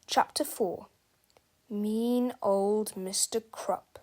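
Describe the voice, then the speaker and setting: A woman's voice: mid-range voice, steady tone, slow, darkish tone. A woman reading a children's book aloud, telling the story expressively and speaking to the listener directly. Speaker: storybook reader.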